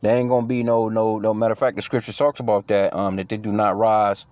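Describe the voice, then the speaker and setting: A man's voice: fairly low pitch, little pitch movement, fast talker, darkish tone, no echo. Casual man teaching scripture. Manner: reads verses aloud then riffs loosely in slangy speech; profane, with frequent fillers and restarts. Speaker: bible teacher.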